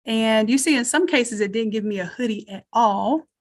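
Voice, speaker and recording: A woman runs a live online design class by screen share, chatting and thinking aloud as she goes through each step. Her voice is fairly high and her speed normal.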